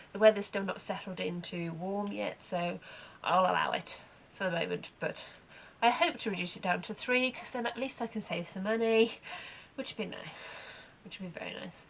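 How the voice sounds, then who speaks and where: Woman, horse owner, casual vlog chat, animated storyteller, middle pitch. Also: highs cut off, a little hiss or hum. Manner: chatty, animated storytelling with acted asides.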